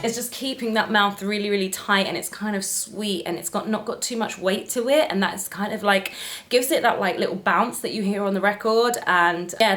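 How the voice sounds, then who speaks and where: Woman, 30s, singer-vlogger, casual chatty delivery, middle pitch. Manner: chatty, warm-hearted advice, sings short snippets. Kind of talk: casual talk to camera about her records.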